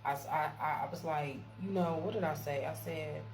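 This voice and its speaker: A woman telling a workplace story straight to her viewers in a casual storytime vlog, emphatic and animated, slipping into preachy encouragement. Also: low voice, normal speed, creaky, soft background music. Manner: emphatic, animated retelling, keeps addressing viewers. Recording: steady background hum.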